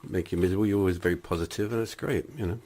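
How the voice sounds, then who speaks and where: A man's voice: low voice, fairly even intonation, racing, mellow. A British man hosting a radio show, introducing and chatting with his guest. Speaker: radio host. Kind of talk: casual radio banter.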